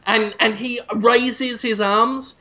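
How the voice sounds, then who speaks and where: A male podcast host with a bright, sharp voice who rambles through a deadpan, absurd story. His telling is loose and improvised. The audio is dull and lo-fi. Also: very high-pitched, takes it slowly.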